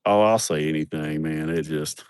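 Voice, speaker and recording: A livestream host with an extremely low, clear and resonant voice talks at normal speed, telling blunt, joking, profane stories in casual chat. He's outdoors at a building site, holding his phone as the mic, yet the sound is clean and studio-like with no room sound.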